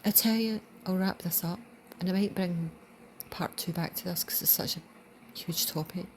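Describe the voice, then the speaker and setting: A woman with a Scottish accent giving an earnest spiritual reflection, dropping into soft whispers for emphasis. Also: fairly low pitch, moderate pace, slight background noise. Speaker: channel host.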